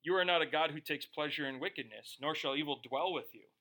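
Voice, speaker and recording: A man's voice: a little high, a little fast, bright, forceful tone. A middle-aged male pastor preaching a sermon in a conversational, joking way, acting out quoted voices.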